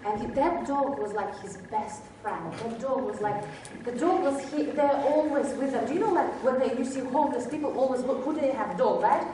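Woman, workshop presenter, animated storytelling, very roomy reverb, faint background noise. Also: high-pitched, fairly quick, hardly any pauses. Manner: animated retelling, restarts and acted quotes. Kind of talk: motivational storytelling to an audience. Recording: very echoey hall, distant mic.

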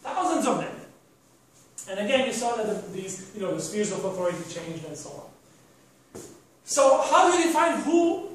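High-voiced man lecturing in an echoey hall. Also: sing-song, moderate pace, long pauses, distant mic, slight background noise. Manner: rambling, self-correcting, rhetorical questions. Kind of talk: university lecture.

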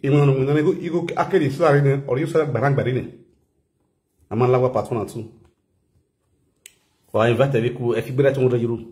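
A man's voice: mid-range voice, racing, long pauses, roomy sound. A man with a Nigerian accent chatting loosely and laughing often on a live stream. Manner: laughing, rambling, animated. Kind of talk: casual live-stream chat.

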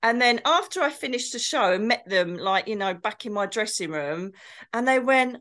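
Lady co-host, fairly high voice, gabby stories, swears a bit. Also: expressive, moderate pace, fairly bright tone. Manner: chatty storyteller, swears, does posh impressions. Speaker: co-host, medium. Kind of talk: casual chat.

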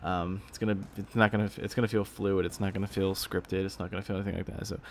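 Young man, from Texas, gravelly voice, lowish pitch, tired rambling vlog chat, faint background hiss. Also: level tone, fast talker. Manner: rambling, many fillers and restarts, casual swearing. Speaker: gaming YouTuber. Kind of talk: rambling casual vlog talk.

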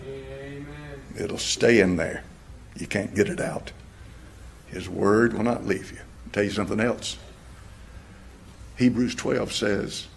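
A male pastor preaching a sermon, swinging between loud passages and hushed, near-whispered lines. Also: lowish voice, vocal fry, slight background noise.

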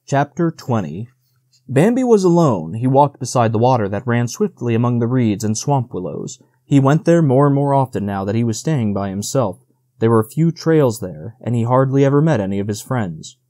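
A man narrating an audiobook in a measured, steady reading. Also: mid-range voice, no echo, clean studio sound.

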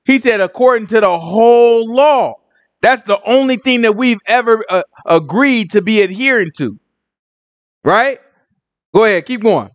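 A man teaching Bible study in casual, animated commentary, full of slang and "you know what I'm saying". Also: high-pitched, unhurried, highs cut off. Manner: animated and joking.

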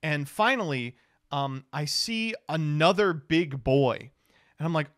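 Casual, swearing young man with a smooth, clear voice, dry close sound. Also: fairly high pitch, slow pace, a bit bright, no echo. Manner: rambling, profane, joking. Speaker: law student and streamer. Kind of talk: casual storytelling recap.

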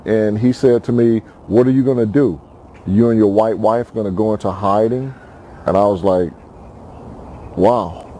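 A man calmly recounting past events in an interview, in a measured, halting way with frequent restarts. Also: fairly low pitch, a little hiss or hum.

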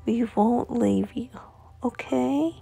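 A woman voicing a loving young mother who comforts her child in a soft, often whispered voice. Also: on the high side, slow pace, vocal fry, breathy edge, soft background music, full character voice. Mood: soothing. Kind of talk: storytelling role-play.

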